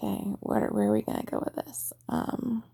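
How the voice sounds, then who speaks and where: A woman's voice: medium pitch, very animated, a little fast, creaky, dark tone, husky. A woman chatting casually to listeners about fulfilling a role-play request, rambling and self-deprecating with many hesitations.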